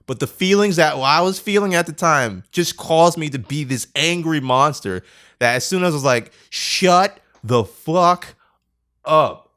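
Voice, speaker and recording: A young man, a podcast co-host, telling a story in casual chat and acting out quotes, laughing often. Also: moderate pace. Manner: animated, acts out quotes with big pitch jumps, laughs often.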